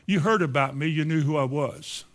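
A man preaching a sermon, moving between quiet asides and loud, emphatic lines. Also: fairly high pitch, normal speed.

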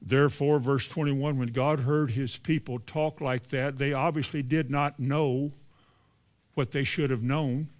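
Speaking at a medium pitch and an unhurried pace, a man delivers a sermon, reading verses of scripture and then retelling them in lively, folksy everyday language.

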